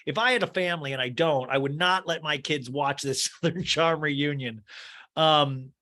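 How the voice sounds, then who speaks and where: A man's voice: a little high, moderate pace, vocal fry, bright, forceful tone. Chatty, gossipy male podcast host. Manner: chatty and gossipy, laughing and swearing freely; sarcastic, mimicking cast members in exaggerated voices. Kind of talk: casual solo podcast recap.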